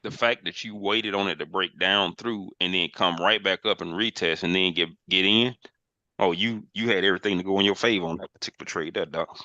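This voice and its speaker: A man's voice: sits low, fairly even intonation, a little fast, sharp tone, dry recording, dull audio. A man acting as a trading mentor on a group call, talking emphatically and often repeating phrases as he walks through charts. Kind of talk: casual online group call, chart walkthrough.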